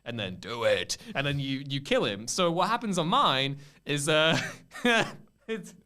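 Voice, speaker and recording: Animated young man, smooth clear voice. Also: on the high side, moderate pace. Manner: animated storyteller who acts out scenes. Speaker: podcast co-host. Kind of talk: casual chat.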